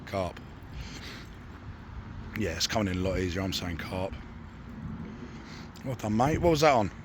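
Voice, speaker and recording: Croaky angler chatting by a lake. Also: male voice, low-pitched, expressive, unhurried, noisy background. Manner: banters and asks questions. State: croaky after losing his voice to a cough. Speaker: angler and channel host. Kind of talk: casual outdoor commentary. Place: lakeside outdoors.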